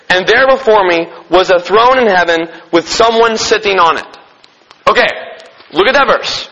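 A man with a high, bright voice teaching scripture to a group. His voice is slightly husky and rings with a long hall reverb. He poses questions to the room and answers them, and he slows down to read verses. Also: dull audio. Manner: reads scripture slowly and deliberately. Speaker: preacher teaching a Bible study. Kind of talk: Bible teaching.

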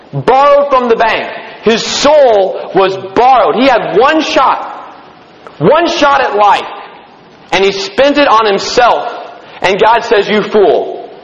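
A man preaching a sermon to a room, reading scripture aloud and stopping to stress points. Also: high-pitched. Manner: animated preaching, reads scripture aloud with emphatic pauses. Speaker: pastor. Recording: dull reverberant hall sound.

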